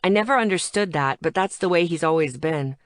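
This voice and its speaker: A woman voicing a gentle, weary young man in an audiobook, with a soft, low-key delivery. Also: brisk, dry recording, clean studio sound, close to an everyday voice.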